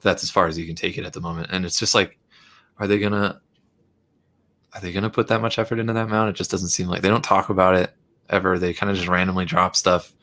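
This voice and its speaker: A man's voice: deep voice, steady tone, quick pace, fairly bright tone, slight background noise. A man co-hosting a camera shop chat on a video call, thoughtfully laying out his opinions on gear.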